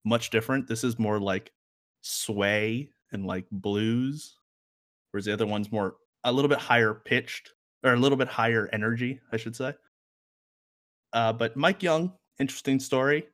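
A man's voice: medium pitch, a bit bright. A man co-hosting a casual music review chat, rambling with lots of fillers and a wry, joking edge. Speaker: music podcast co-host.

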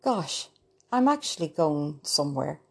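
A woman reading the lines of a homely, proud older mother in a storybook, slow and low. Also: big pitch swings, vocal fry, breathy edge, full character voice. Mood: motherly.

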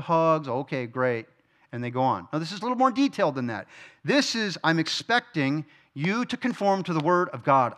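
A middle-aged man gives a sermon from a church stage, his voice sitting a little high for a man. He keeps it conversational, tossing questions to the room and answering them himself. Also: a bit bright. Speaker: pastor teaching Bible study.

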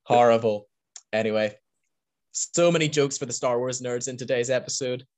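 A man of middle pitch talks on a casual podcast. He sounds enthusiastic and rambles. He laughs often between points. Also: moderate pace. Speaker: podcast host.

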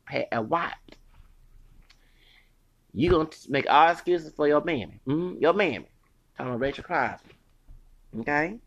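Gravelly man ranting angrily. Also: fairly high pitch, lively intonation, moderate pace, pauses often, fairly bright tone. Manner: angry, profane, rambling with many restarts. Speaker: podcaster. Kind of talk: heated solo rant.

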